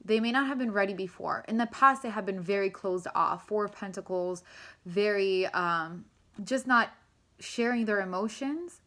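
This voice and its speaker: Bright-voiced woman giving a rambling tarot reading. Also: mid-range voice, normal speed. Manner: rambling, emotional, swears freely. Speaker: tarot reader. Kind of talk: casual tarot reading vlog.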